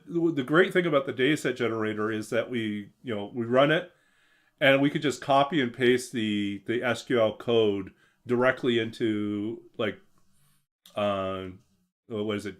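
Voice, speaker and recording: A young man streaming a game and chatting casually about coding, rambling and hesitant with many fillers and restarts. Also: medium pitch. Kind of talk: casual chat while gaming.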